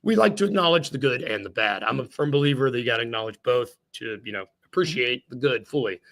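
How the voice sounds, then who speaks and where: A man's voice: mid-range voice, animated, fast talker, fairly bright tone. A young man hosting a podcast in casual chat, rambling and joking at his own expense. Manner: jokey, rambling, laughs at himself. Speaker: podcast host.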